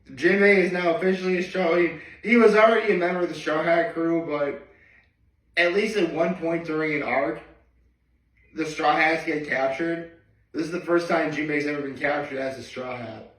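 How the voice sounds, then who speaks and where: A man casually reading through a manga chapter and reacting as he goes, chatty and excitable. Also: a little high, reverberant, far from the mic, low-quality recording. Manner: chatty, excitable, reads lines in quick voices.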